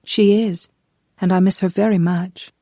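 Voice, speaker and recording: A narrator voicing a spirited young woman, disguised as a boy, who talks in a quick, teasing and emphatic way. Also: mid-range voice, fairly even intonation, dark tone, no room sound, studio quality, voice pushed up, natural voice. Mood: earnest.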